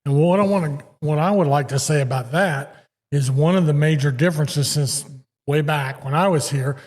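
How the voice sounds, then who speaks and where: Man, host, former fishing captain, fairly high pitch, conversational storyteller, long reverb. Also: moderate pace, a little mellow. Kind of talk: casual interview chat. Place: live show at a fishing center. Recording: long reverb of a large live venue.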